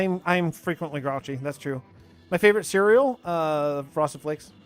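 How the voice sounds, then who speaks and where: High-voiced, with a fairly bright and clean tone, a man in his thirties chats casually on stream. He wanders from topic to topic while gaming and fielding chat messages.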